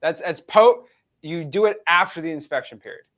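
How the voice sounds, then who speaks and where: A man hosting a casual chat, talking in a relaxed way with hesitant restarts. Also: a little high, normal speed. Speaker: show host. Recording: dull, muffled sound.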